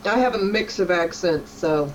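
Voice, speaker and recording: A woman's voice: on the low side, lively intonation, moderate pace, muffled recording, slight background noise. A woman from Texas, co-hosting a casual stream chat in a sassy, teasing way. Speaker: co-host.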